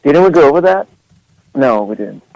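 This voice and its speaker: Swedish-native male guest, fairly high voice, dry sound, laughs easily. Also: expressive, moderate pace, vocal fry, darkish tone, no echo, poor audio. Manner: playful, laughs often, hesitant fillers. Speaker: musician guest. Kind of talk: casual radio interview.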